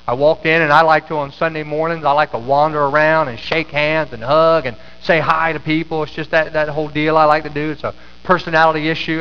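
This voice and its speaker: A man's voice: a little high, smooth. A middle-aged man preaching a sermon as pastor, telling a story with many restarts and fillers in a church sanctuary. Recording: echoey sanctuary, slightly dull sound.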